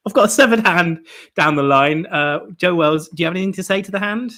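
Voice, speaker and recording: A man's voice: high voice, fairly quick, pushed and bright. A man hosting a comedy phone-in show, amused as he quizzes callers. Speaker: host.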